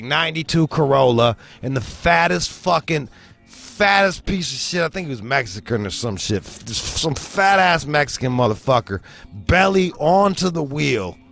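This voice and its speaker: A man's voice: on the high side, gravelly. Young guy ranting and cussing through a story, doing the voices, some music behind. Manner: animated storytelling, acts out quoted voices, swears heavily. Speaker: host. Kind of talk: profane comedic rant.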